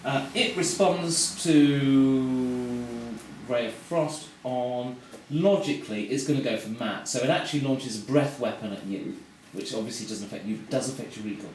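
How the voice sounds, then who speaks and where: A man's voice: medium pitch, normal speed, a little mellow. A man acting as game master for a tabletop game, narrating the action and explaining rules with many fillers. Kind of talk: running a tabletop game live. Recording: echoey room, far from the mic, noisy.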